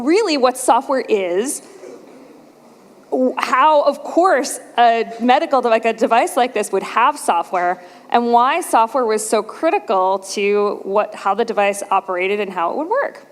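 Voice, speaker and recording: Lively woman in a reverberant hall. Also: a little high, measured pace. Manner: lively storyteller, acts out quoted voices. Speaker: conference speaker. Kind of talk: storytelling conference talk.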